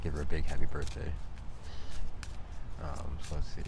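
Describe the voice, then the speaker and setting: Very deep-voiced man reading tarot, loud noise. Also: creaky. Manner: halting, restarts phrases often, excitable asides. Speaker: tarot reader. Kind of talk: casual solo tarot reading.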